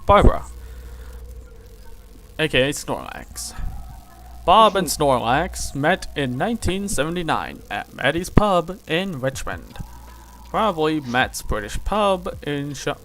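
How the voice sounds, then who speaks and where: Man, stream host, reading aloud, lively pitch, joking asides. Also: rough recording.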